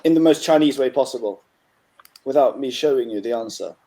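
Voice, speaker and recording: A man tutoring a student in Chinese over a call, encouraging and relaxed, with frequent fillers and throat clearing. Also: medium pitch, fairly quick. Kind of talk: online tutoring session.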